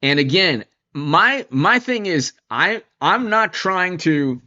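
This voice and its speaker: A man's voice: high voice, animated, slow, bright, forceful tone, lo-fi sound. A man hosting a casual political commentary show, talking in a rambling way with many restarts and asides.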